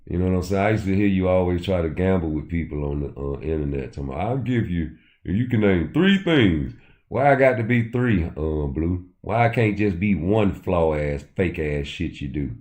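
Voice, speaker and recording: Deep, mellow-voiced man ranting on a livestream. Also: animated, a little fast, hardly any pauses. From Chicago. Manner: loose, profane, addresses chat directly. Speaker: livestream host. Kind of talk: casual livestream rant.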